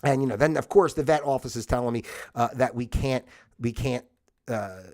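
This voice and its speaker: A man's voice: mid-range voice, moderate pace, a little mellow. A man hosting a livestream, talking in a rambling, conversational way and getting worked up and exasperated, with laughs between his points. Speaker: livestream host. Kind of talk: casual monologue. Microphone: livestream microphone.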